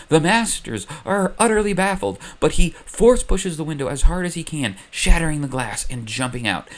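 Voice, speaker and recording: A man's voice: mid-range voice, moderate pace, hardly any pauses. A young man hosting, narrating a comedic what-if story with sarcasm. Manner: sarcastic, animated. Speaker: host.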